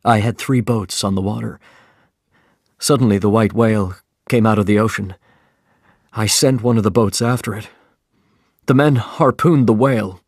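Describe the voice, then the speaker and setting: A man's voice: on the low side, normal speed, pauses often, a little mellow, no room sound, studio quality. A man voicing a sorrowful ship captain who tells how he lost his boat. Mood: urgent, grim. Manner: telling a tale, urgent.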